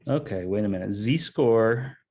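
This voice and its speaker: A man's voice: lowish voice, measured pace, a little mellow, slightly rough. A man teaching a math lesson online, explaining step by step in a casual way and saying "okay" and "um" often. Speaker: math instructor. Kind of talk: online lecture.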